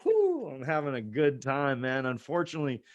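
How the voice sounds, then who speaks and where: A man's voice: medium pitch, wildly swooping pitch, normal speed. A young man doing a loose, sarcastic stand-up set over a video call, full of asides and banter. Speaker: stand-up comedian.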